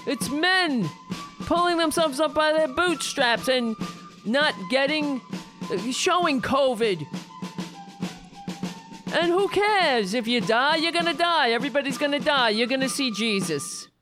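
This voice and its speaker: A woman's voice: sits high, animated, a little slow, over music. A woman voicing a blustering, flag-waving American patriot man with a New York accent, in a satirical comedy monologue. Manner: shouty, pompous, preachy.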